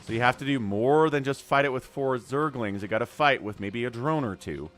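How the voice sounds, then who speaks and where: Man, game caster, excitable, chatty livestream commentary, very lively pitch, faint background music. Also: fairly quick. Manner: excitable, chatty, reads out viewer chat.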